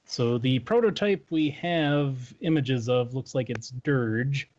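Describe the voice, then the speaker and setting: A man's voice: mid-range voice, slow pace, darkish tone, a little hiss or hum. A man hosting a podcast, casually moving the group through news topics with some fillers. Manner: moderating, leading topics with fillers. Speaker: podcast host. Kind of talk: casual chat. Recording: dull lo-fi podcast audio.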